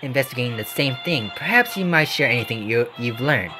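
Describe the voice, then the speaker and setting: A man reading the lines of a polite, brisk young female detective in his own voice. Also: medium pitch, lively intonation, over music, natural voice.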